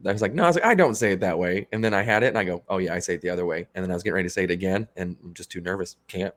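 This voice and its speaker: Crude joking podcast guy, low voice. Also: very fast. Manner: crude joking storyteller, gets loud when mock-upset. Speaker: podcast co-host. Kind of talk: casual podcast banter.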